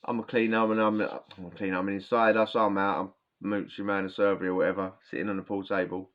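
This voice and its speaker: A man's voice: low-pitched, level tone, fast talker. A man telling prison stories in a rambling, slangy way, often restarting his sentences, with a sore throat. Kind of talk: casual storytelling. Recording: dull lo-fi sound.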